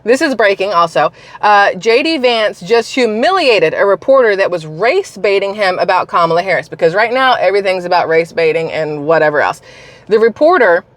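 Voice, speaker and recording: A woman vlogger talks straight to her viewers in a casual, scornful rant, hitting her points hard. Her voice sits at an ordinary middle pitch. It is recorded close and dry, with no room sound. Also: lively intonation, brisk, no echo. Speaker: political commentary vlogger. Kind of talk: casual opinion rant to camera.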